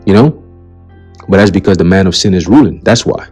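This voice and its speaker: Low-voiced man ranting on his own channel. Blunt, profane, preachy, faint music underneath. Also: lively intonation, brisk, a little mellow, husky. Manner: blunt, profane and heated, repeats "okay?" as a tag; preacherly, warns of coming doom. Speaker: commentary channel host. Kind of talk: ranting commentary on a list of news items.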